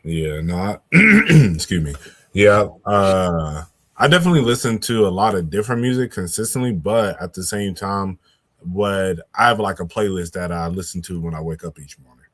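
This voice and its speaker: A young man hosting a podcast in casual chat, laid-back and drawn-out with many fillers. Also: low-pitched, animated, fairly bright tone.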